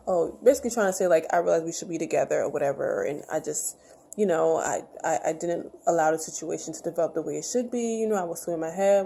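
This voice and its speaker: A woman recaps a TV episode in a casual, chatty way. She jumps into the characters' voices as she goes. Her tone is mellow with a slight gravel, and a faint noise floor sits under the recording. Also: fairly low pitch. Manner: chatty, retells scenes acting out characters' lines. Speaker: show review vlogger.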